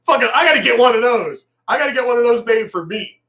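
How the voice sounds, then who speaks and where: A man's voice: very high voice, expressive, fast, bright, forceful tone. A man from El Paso, Texas, ranting angrily about the news in a profane, mocking, emphatic vlog. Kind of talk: profane political rant.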